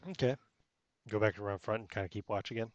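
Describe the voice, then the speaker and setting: A man's voice: lowish voice, steady tone, quick pace, no room sound. A man running a tabletop game as game master, narrating casually and rambling with many fillers.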